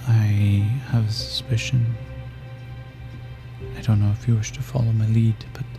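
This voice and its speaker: A man voicing a secretive male ally who speaks slowly in a hushed, confiding way. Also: lowish voice, flat delivery, vocal fry, over music.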